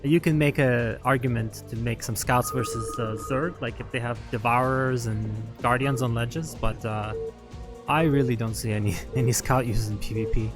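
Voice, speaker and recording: Over music at a LAN event venue, an esports commentator with a medium-pitched, fairly even voice talks at normal speed about a strategy game match. He's chatty and analytical, laughing often and using plenty of fillers.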